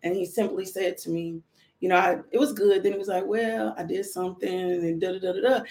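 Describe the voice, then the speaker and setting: A woman's voice: on the low side, fairly even intonation, a little fast, darkish tone. A middle-aged woman, a mother, giving an earnest personal testimony about faith and parenting, often repeating phrases for emphasis.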